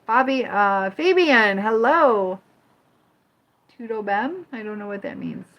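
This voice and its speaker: A woman's voice: on the high side, huge pitch swings, slow, fairly bright tone. A woman from Michigan and Indiana hosting a casual livestream, chatting with viewers, greeting them by name and firmly moderating the chat. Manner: firm when moderating the chat. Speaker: livestream host.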